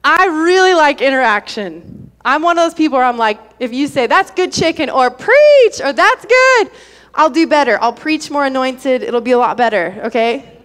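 A young woman is preaching a sermon in a bright, high voice. She delivers it with real energy, repeating key lines and pressing her listeners to respond aloud. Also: brisk, clear, resonant tone. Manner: energetic, calls for audience response.

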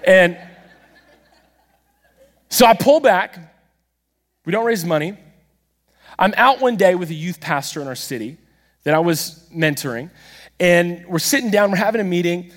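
A man preaching a sermon, telling a story with animated, self-deprecating humor and acting out the dialogue himself. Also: sits high. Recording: long reverb of a large hall.

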